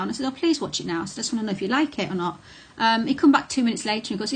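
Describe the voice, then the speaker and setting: A woman's voice: on the high side, expressive, very fast, few pauses, breathy edge. A middle-aged woman talking casually to camera, blunt and candid, with frequent ums and restarts. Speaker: vlogger on narcissistic abuse.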